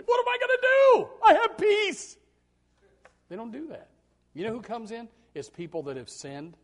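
Stammering, animated preacher man. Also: fairly high pitch. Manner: animated preaching with repeated stammers and sudden soft drops. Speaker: pastor. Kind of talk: sermon.

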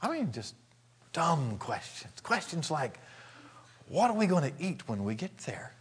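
A man preaching a sermon, telling a personal story, dropping to hushed asides and rising to shouted praise. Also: a little high, big pitch swings, measured pace, husky.

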